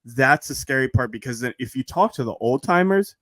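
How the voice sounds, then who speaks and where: A man's voice: medium pitch, a little fast, no room sound. Rambling New man, dry sound. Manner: animated, rambling, frequent restarts. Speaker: podcast guest. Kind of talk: casual chat.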